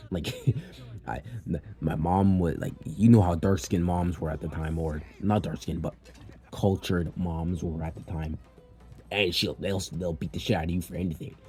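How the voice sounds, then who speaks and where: A man's voice: deep voice, moderate pace, dark tone, faint music behind. A young man telling a personal story in a loose, casual way, swearing freely and filling gaps with "like" and "you know.". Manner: loose and profane, with many fillers.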